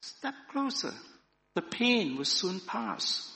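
A man reading the lines of a calm male stranger in a story, slow, low and gentle. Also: long reverb tail, full character voice. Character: calm male stranger who builds a fire.

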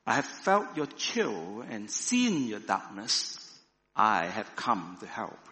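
A man reading the lines of a calm male stranger in a story, slow, low and gentle. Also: long reverb tail, heavily acted. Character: calm male stranger who builds a fire.

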